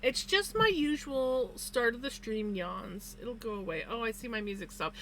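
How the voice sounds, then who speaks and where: A woman's voice: a little high, animated, moderate pace, hardly any pauses, sharp tone, a little hiss or hum. A woman streamer chatting casually with her viewers while she crochets, greeting them by name and yawning now and then. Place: home room with a fan. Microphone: desk microphone.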